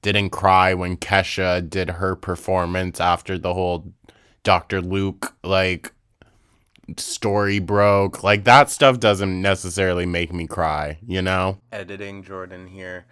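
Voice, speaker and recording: A young man in his twenties delivers snarky reaction commentary, blunt and freely swearing. His voice sits very low and comes across smooth and resonant, recorded close and dry. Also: fairly even intonation, slow, a bit bright, dry recording. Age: 20s. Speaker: commentary channel host.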